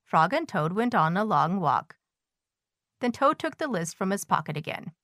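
A woman reading a children's story aloud in a gentle, measured way. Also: medium pitch, big pitch swings, dry recording, studio quality.

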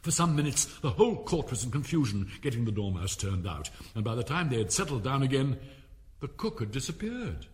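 A man reading a storybook aloud as narrator, telling it in an expressive, animated way. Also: mid-range voice, a little fast.

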